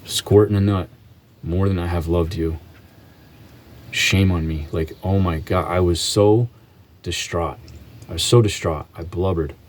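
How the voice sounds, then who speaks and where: A man vlogging an earnest faith testimony, halting often and restarting his sentences. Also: deep voice, dark tone.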